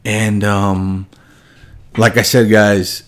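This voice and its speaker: A young man with a somewhat low voice talks haltingly, full of pauses and restarts. He is choked up and subdued, his voice sinking quieter on the hardest parts. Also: little pitch movement. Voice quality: halting, many fillers and restarts. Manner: subdued and heavy, voice dropping low when grieving. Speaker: car shop owner. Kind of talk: emotional personal remembrance to viewers.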